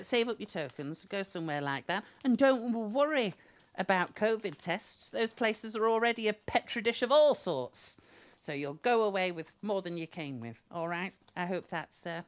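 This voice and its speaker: A woman's voice: medium pitch, a bit bright. A woman hosting a comedy agony-aunt show, arch and theatrical, full of sardonic asides. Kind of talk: camp comic agony-aunt banter.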